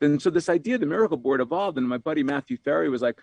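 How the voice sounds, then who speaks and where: A man's voice: fairly high pitch, animated, fast talker, darkish tone, no echo. A man, an author from New York, talks as a podcast guest in a reflective, rambling way, often saying "you know" and repeating words.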